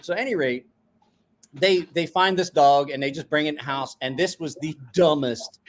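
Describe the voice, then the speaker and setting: A middle-aged man from a small rural town, hosting and telling profane, animated stories in casual chat. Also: on the high side, normal speed, a little hiss or hum. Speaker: host.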